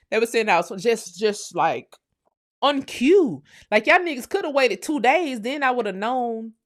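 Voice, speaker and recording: A woman with a Southern US accent hosting a casual livestream, ranting loudly, cursing and laughing as she talks. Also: mid-range voice. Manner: loud, profane and laughing. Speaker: livestream host.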